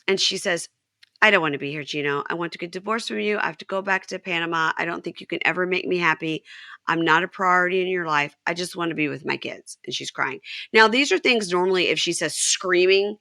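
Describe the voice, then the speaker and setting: A woman's voice: fairly low pitch, brisk, bright, forceful tone, no echo, studio quality. A woman hosting a podcast, recapping a show in casual chat and retelling the dialogue with animation. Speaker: podcast host.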